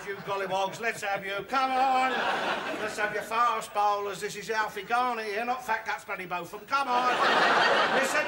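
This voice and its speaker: Sitcom role: an older Cockney braggart, shrill and loud, over noisy tape with studio laughs. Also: male voice. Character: boastful bigoted old working-class Londoner. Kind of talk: sitcom monologue. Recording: sitcom recording with loud background noise and audience laughter.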